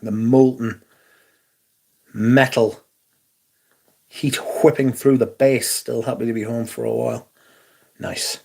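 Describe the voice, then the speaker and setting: Husky sardonic man. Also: medium pitch, fairly even intonation, takes it slowly, long pauses, darkish tone. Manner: sardonic, sweary, reads viewer comments aloud. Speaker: livestream host reading chat. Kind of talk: casual chat.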